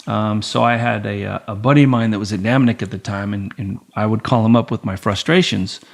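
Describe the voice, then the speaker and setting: Man telling military stories, animated. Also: fairly low pitch, brisk, gravelly. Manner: animated, acts out dialogue with quoted voices, swears casually. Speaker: podcast guest. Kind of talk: casual storytelling interview.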